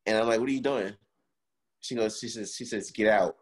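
A man's voice: fairly low pitch, fairly quick, slightly rough. A young man in casual chat, animatedly telling a story, swearing and acting out the quotes.

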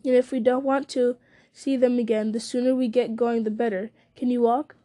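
A woman's voice: on the high side, flat delivery, moderate pace, dark tone, lightly acted. A woman reading the part of a loyal, earnest male hobbit servant who talks plainly and deferentially. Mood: urgent. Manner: plain-spoken, homely, deferential.

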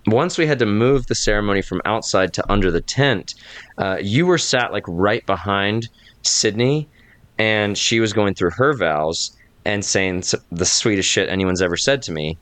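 Very low smooth male voice, dry sound. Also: animated, moderate pace, a bit bright, no echo. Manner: rambling, heartfelt, laughs often. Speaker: game master and podcast host. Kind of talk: casual chat.

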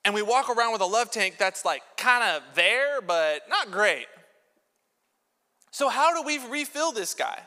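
Male pastor, sermon, high voice, bright tone, animated joking delivery, long church reverb. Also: measured pace. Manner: lively, jokey storytelling with props. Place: large church sanctuary.

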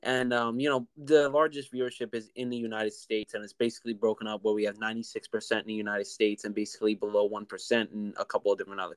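Young guy on a podcast, lowish smooth voice, dry sound, rambles easy with lots of "you know". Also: dry recording. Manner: relaxed, rambling with many fillers. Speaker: podcast co-host. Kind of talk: casual chat.

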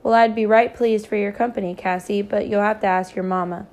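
A big, calm man speaks quietly and gently, as a woman reading a novel voices him. The voice stays flat and even. The pitch is mid-range. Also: brisk, natural voice. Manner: quiet, gentle, urgent when warning.

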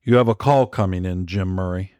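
A man voicing a quiet, firm, terse male operative in an audiobook. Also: low voice, brisk, clean tone, dry recording, studio quality, close to an everyday voice.

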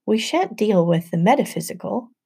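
A woman's voice: medium pitch, lively intonation, normal speed, gravelly, breathy edge, full character voice. A woman voicing a kindly, patient male teacher who speaks formally, in an audiobook. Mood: gentle. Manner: gentle and formal. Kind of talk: audiobook narration.

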